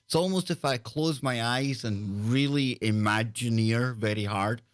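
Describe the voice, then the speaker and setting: A man's voice: mid-range voice, measured pace, smooth, no room sound. Scottish guy doing a call-in radio show, jokey and chatty, dry close sound. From Scotland. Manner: playful, jokey, greets listeners one by one. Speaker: radio talk show host. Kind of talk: live call-in radio banter.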